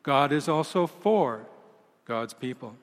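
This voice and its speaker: A man's voice: mid-range voice, animated. Male pastor preaching in a reverberant church. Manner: measured, emphatic delivery with falling line endings. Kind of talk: sermon. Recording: long reverb of a large church hall.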